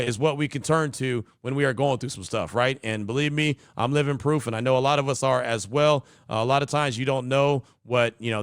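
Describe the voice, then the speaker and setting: A man hosting a sports talk podcast, chatty and energetic, reading out listener texts and hyping his audience. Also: mid-range voice, clean tone, no echo, clean studio sound. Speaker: podcast host.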